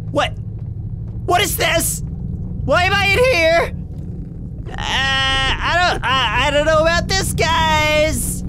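Excitable high-voiced woman gamer. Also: noisy background. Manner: excitable, jumpy, talks to the game characters. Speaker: gaming channel host. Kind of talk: let's play commentary. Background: game music.

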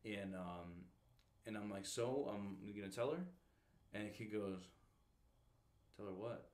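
Low-voiced male podcast host, a recruiter, animated, slangy storyteller. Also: unhurried. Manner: animated slangy storyteller, says bro and dude. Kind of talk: casual storytelling chat.

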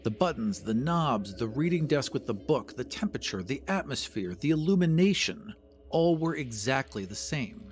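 A man narrating an audio drama in a measured, formal storytelling manner. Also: medium pitch, expressive. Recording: narration over music.

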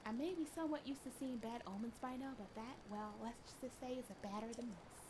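A woman's voice: fairly high pitch, brisk, background noise. A woman streaming a game live, chatting casually and talking back to the game and her chat with lots of laughter. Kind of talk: casual live gameplay commentary.

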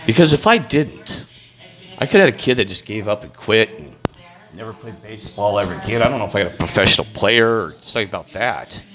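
Speaking fast and expressively in a low-leaning, bright, pushed voice, a middle-aged man vlogs casual, meandering stories from his life. He laughs frequently and is quick to put himself down.

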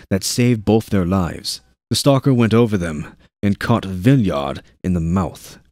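Deep-voiced man narrating a war novel. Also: dry recording, studio quality. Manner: steady narration with shouted dialogue lines. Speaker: audiobook narrator. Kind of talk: reading a war novel aloud.

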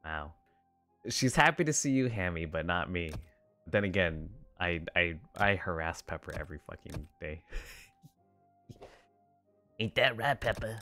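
A man's voice: low-pitched, lively intonation, a little slow, long pauses, bright, forceful tone, faint music behind. A man streaming a game, chatting playfully and rambling to his viewers and his pets. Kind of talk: casual gameplay stream chat.

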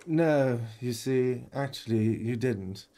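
A man's voice: mid-range voice, takes it slowly, mellow. A man voicing a surly, dismissive male cafeteria manager in a game, with a vaguely European put-on accent and a curt, sarcastic manner.

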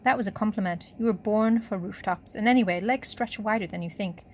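A woman's voice: medium pitch, a little fast, darkish tone, slight background noise, lightly acted. A woman reader voicing a blunt, cocky French boy who talks in curt, matter-of-fact lines.

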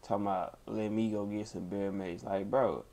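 A man's voice: on the low side, fairly even intonation, moderate pace, warm tone, natural voice. A man acting out an angry young man who storms off for bear spray, groaning and sighing theatrically. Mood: mock fuming. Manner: fuming, theatrical sighs and groans.

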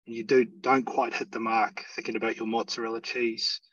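A man hosting an interview, asking questions haltingly over a video call. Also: medium pitch, level tone, a bit bright, husky, dry recording. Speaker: host. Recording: dull distant dry video-call audio.

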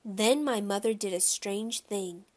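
Slow, measured woman storyteller. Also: medium pitch, a little mellow. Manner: measured, storytelling first-person reading. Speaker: audiobook narrator. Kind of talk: children's audiobook narration.

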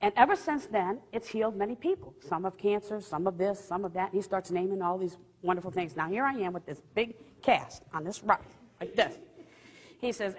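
A woman giving a lively, humorous faith testimony, acting out what people said as she tells the story. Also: medium pitch, a little fast. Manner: lively, humorous, acts out quotes. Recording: long hall reverb.

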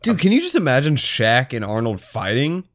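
A man co-hosting a podcast, reacting excitedly and swearing in casual banter about a film. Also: mid-range voice, moderate pace, no echo. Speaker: podcast co-host. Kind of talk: casual chat.

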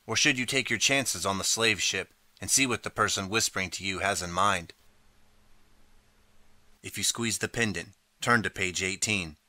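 A man reading a choose-your-path storybook aloud in the second person, steady and clear. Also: low voice, normal speed, no room sound. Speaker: audiobook narrator.

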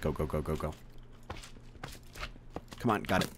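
A young man commentating his survival game, swearing often, talking to the monsters and bursting into loud outbursts. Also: a bass voice, unhurried, background noise. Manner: swears a lot, animated outbursts, talks to game mobs. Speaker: gaming video creator. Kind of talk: let's play commentary.

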